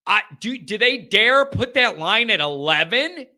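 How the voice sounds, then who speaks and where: Guy hosting a college football show, high voice, talks casual, sarcastic and emphatic. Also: animated, unhurried, pushed and bright. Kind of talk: casual sports commentary.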